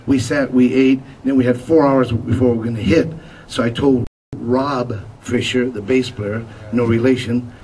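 Distant man telling an animated story. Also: mid-range voice, moderate pace. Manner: animated storyteller, acts out quotes. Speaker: musician giving a memorial tribute. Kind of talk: anecdotal speech to an audience. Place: memorial gathering room. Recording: distant mic with faint noise.

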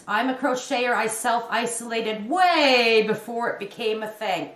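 A woman in her fifties unboxes a crochet gift and gushes with excitement. She talks slowly in a fairly high voice. The room is echoey, with a faint hiss underneath. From Canada. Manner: gushing and excitable, with many exclamations. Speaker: crochet vlogger.

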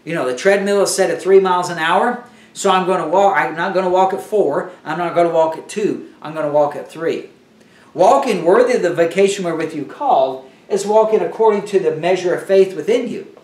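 A man's voice: high-pitched, brisk, darkish tone, roomy sound, distant mic. A man teaching a Bible lesson in a conversational sermon style, often restarting his sentences.

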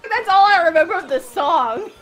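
A woman's voice: extremely high pitch, expressive, moderate pace, a bit bright. A woman playing on a gaming stream, giggling a lot and playfully flustered as she chats. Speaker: co-player on stream. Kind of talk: casual gaming stream chat.

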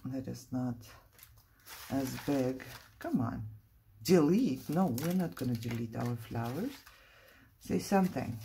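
A woman's voice: very deep voice, expressive, takes it slowly, creaky, pauses often, mellow, slight background noise. A middle-aged woman vlogging about her crafts, thinking aloud in a chatty, playfully dramatic way. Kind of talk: casual crafting chat.

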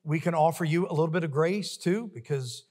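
Guy preaching in a church, high voice, long echoey reverb, gets loud and punchy on repeats. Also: fairly quick. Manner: emphatic, rising to forceful peaks with repeated refrains. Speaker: pastor. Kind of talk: sermon. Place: church sanctuary.

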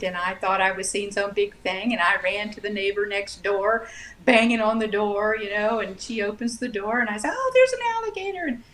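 A woman author chatting casually as an interview guest, telling stories with animated laughs. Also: mid-range voice.

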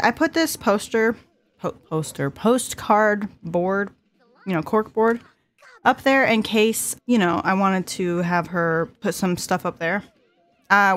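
A woman in her twenties hosting a casual gameplay commentary, chatty and giggly, talking to her characters as she plays. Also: medium pitch. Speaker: let's play host.

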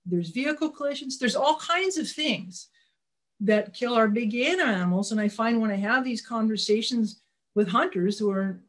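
A woman's voice: fairly high pitch, expressive, moderate pace. A woman giving a conversational slide presentation on wildlife, speaking in a folksy, plainspoken way, often restarting her sentences and calling for the next slide.

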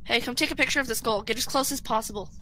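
A woman playing a game with friends, excitable and laughing as she directs her teammates. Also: fairly high pitch, rapid-fire. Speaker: game player. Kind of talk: casual gaming chat. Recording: noisy voice chat audio.

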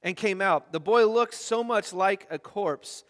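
A man's voice: high voice, measured pace, fairly bright tone, big-room sound. A man preaching a sermon, reading scripture aloud in an earnest way with frequent restarts. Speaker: pastor. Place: church.

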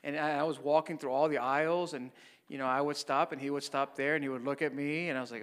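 A man's voice: a little high, steady tone, quick pace, clean tone, in a large hall. A man, a Catholic priest, giving a mission talk in a conversational storytelling way, often checking in with "right?". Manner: conversational, frequent "right?" tags.

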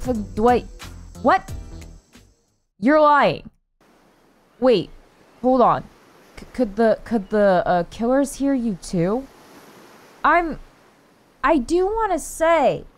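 A woman streamer commenting casually on a dating game, self-mocking and swearing freely. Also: fairly high pitch. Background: faint game music.

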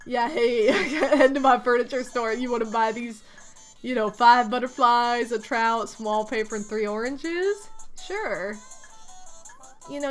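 A woman streamer giving casual commentary over a game, reading lines aloud and breaking into loud exasperated outcries. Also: on the high side.

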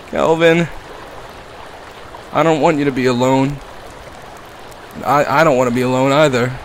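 A young man giving comedic gameplay commentary, playful and crude, swinging from mock-tender talk to yelling and swearing. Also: medium pitch, steady tone, a little slow, long pauses, slight background noise. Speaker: gaming YouTuber.

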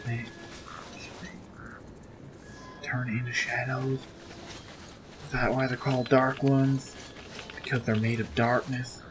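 A man's voice: mid-range voice, little pitch movement, slow pace, long pauses, background noise. A man giving casual, chatty commentary while playing a spooky game, easily rattled and joking to himself. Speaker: gameplay commentator. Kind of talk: casual let's-play commentary.

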